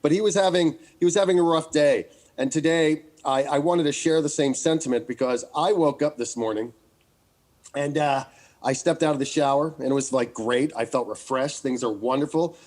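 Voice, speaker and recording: Joking, rambling American podcast host. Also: male voice, fairly high pitch, normal speed, darkish tone. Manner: rambling, jokey storytelling. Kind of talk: casual chat.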